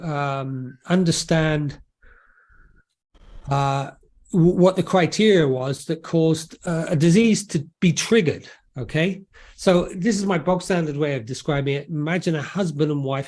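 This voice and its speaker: Casual: guy chatting about his book, kinda high voice, jokey, lots of asides and restarts. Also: a little mellow. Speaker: author and guest. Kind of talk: casual interview explanation.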